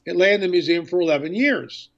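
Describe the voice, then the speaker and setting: Guesting on a radio interview, an author and filmmaker excitedly tells a story and acts out past conversations. His voice is high and fast, and the sound is lo-fi.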